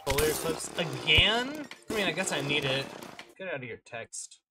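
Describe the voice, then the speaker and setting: A young man giving rambling, self-mocking commentary while playing a game, swinging between mumbles and loud outbursts. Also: on the high side, very animated, normal speed, noisy background. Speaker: gaming YouTuber. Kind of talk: casual gameplay commentary. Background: game music.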